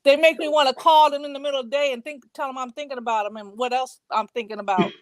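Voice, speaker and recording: A woman's voice: sits high, fairly even intonation, quick pace. A woman co-hosting a casual podcast chat, teasing and playfully boastful. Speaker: podcast co-host.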